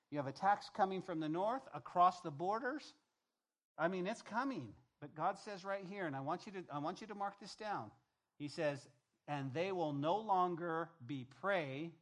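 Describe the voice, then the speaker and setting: An older man preaching to his congregation in a lively, chatty way, stopping often to talk to them directly. His voice sits a touch higher than most men's. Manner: animated, conversational preaching with asides to the congregation. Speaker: pastor. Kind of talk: sermon.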